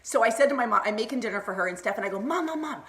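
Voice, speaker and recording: On a casual Facebook Live, a middle-aged woman rambles in a bubbly way, laughing often and addressing her viewers by name. Her mid-range voice races along with a fairly bright tone.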